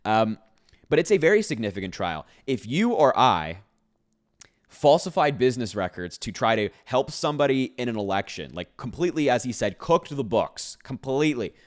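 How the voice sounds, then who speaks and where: A man's voice: mid-range voice, big pitch swings, normal speed. A young man in his twenties giving casual, emphatic political commentary to his viewers, with many fillers and repeats.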